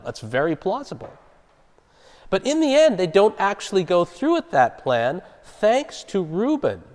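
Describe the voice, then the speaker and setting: In a church hall with the long reverb of a large space, a man teaches a Bible study conversationally, explaining and asking the group questions. His voice is on the high side, a little mellow, with big pitch swings at a moderate pace.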